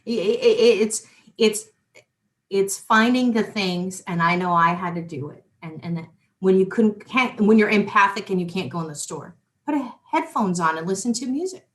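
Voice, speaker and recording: Chatty animated woman, casual talk. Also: mid-range voice. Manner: animated, repeats words, quick asides; former police worker talking spiritual tools. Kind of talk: casual chat.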